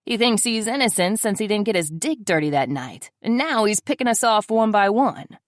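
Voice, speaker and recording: A woman's voice: mid-range voice, expressive, normal speed, no room sound, studio quality, pitched above the performer's own voice, close to an everyday voice. A woman reading the part of a crude, angry young man who scoffs and swears, in an audiobook. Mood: scoffing, angry. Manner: scoffing, profane.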